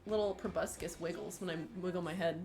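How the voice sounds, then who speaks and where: A young woman guesting on a casual gaming stream, jokey and teasing, full of quick banter. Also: lowish voice, fairly even intonation, darkish tone.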